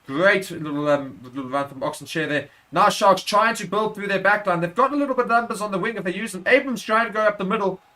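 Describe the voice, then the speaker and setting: Man, live rugby play-by-play, bright tense tone, slightly high pitch, self-correcting, excitable. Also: fast, few pauses. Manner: excited, rises sharply at big moments, self-correcting. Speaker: watchalong commentator.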